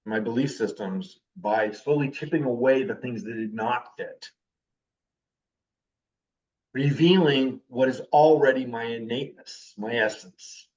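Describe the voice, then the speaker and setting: A man's voice: medium pitch, unhurried, recorded from a distance, muffled recording. A man in his fifties giving a spoken class talk as a teacher, with an intense way of talking. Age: 50s. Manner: intense, animated talker.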